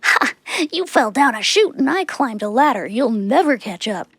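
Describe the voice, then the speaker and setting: A woman voicing a group of playful little goat kids in a children's audio story, chattering high and excited. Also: normal speed, slightly rough, no echo, exaggerated voice.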